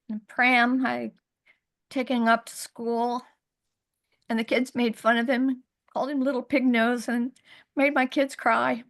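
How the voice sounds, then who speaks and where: Gravelly-voiced woman telling a painful story. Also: fairly high pitch. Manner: earnest, halting, voice rising when upset. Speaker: guest sharing her story. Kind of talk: emotional personal testimony. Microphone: video call.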